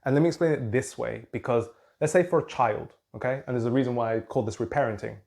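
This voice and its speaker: A man's voice: mid-range voice, quick pace, creaky, darkish tone. A man coaching on anxiety, explaining earnestly and circling back to his points as he writes on a board. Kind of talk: explanatory talk to camera.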